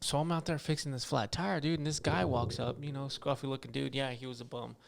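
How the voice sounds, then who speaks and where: A man co-hosting a casual podcast, telling animated stories and saying "dude" and "bro" all the time. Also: medium pitch, brisk, gravelly, background noise. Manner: animated storyteller, says "dude" and "bro" constantly. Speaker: podcast co-host. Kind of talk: casual chat.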